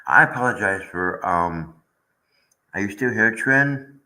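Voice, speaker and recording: Bright-voiced aggrieved man hosting a stream. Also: lowish voice, animated, measured pace, poor audio. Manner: aggrieved, rambling, talks to chat viewers. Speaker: channel host. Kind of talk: casual livestream chat.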